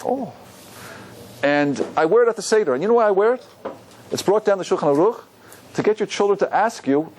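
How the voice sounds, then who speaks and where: A rabbi giving a lively Torah class to an audience, often asking them questions. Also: male voice, high-pitched, brisk, long pauses, slight background noise. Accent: Ashkenazi Hebrew pronunciation.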